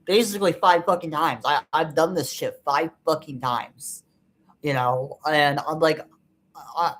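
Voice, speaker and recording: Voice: medium pitch, unhurried, a bit bright. A vlogger in an unscripted personal monologue, venting in a frustrated, bitter way and swearing a lot, rambling with many fillers.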